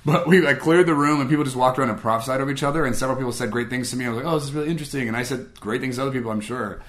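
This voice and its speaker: A man's voice: mid-range voice, fairly even intonation, rapid-fire, fairly bright tone. A man from Guam telling a personal faith story in a casual, conversational way, often acting out what people said. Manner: conversational, acts out quoted dialogue, frequent "like" and "I was like". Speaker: speaker sharing a personal testimony.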